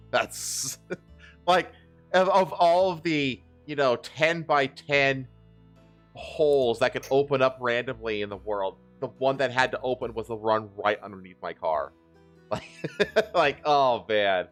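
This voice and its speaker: A man's voice: medium pitch, takes it slowly, faint music behind. A man hosting a casual podcast, reacting to clips with laughs and rambling asides. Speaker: podcast host.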